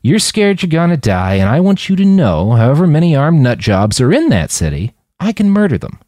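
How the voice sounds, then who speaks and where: A man's voice: fairly high pitch, sing-song, a little fast, warm tone, no room sound, studio quality, voice pushed up. A man voicing a blunt, matter-of-fact male killer in a storybook reading. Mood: calm.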